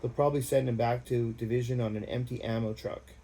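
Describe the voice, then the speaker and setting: A gruff army platoon sergeant, blunt and full of curses, as a man reading a memoir puts him on. His voice is dark and mellow, with a slight lift in pitch. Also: fairly even intonation, brisk, a little hiss or hum, lightly acted. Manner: blunt, profane.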